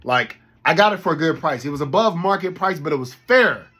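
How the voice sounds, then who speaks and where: A man, a toy collector, ranting casually to his viewers in an animated, profane, rambling way. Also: on the high side, a little fast, slightly rough. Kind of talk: casual rant to camera.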